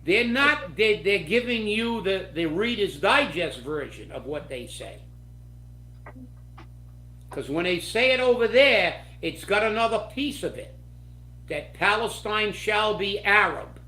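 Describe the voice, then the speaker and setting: A man delivers political commentary in a slow, deliberate rant full of indignation. His voice echoes around a roomy space. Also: sits high, animated, pushed and bright. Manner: angry, indignant ranting.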